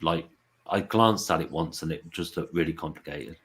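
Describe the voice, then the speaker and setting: A soft-spoken man with a West Yorkshire accent and a very low voice. He talks in an articulate, rambling way on a casual panel, with plenty of fillers, and he is quick to put himself down. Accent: English, West Yorkshire. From England. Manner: rambling and self-deprecating, with frequent fillers. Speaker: panel guest.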